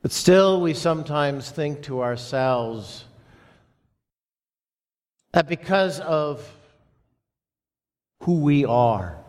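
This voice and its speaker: A pastor preaching a sermon to his congregation, slow and emphatic with dramatic pauses. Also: mid-range voice. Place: church sanctuary. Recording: long reverb of a church hall.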